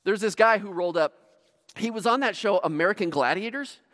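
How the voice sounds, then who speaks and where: A high-pitched male pastor delivers a sermon in a large church auditorium. His storytelling is animated, sinking to near hushes and rising to shouts. The hall gives his voice a long, lingering reverb. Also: a little fast. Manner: animated storytelling, dramatic swings from quiet to shouting.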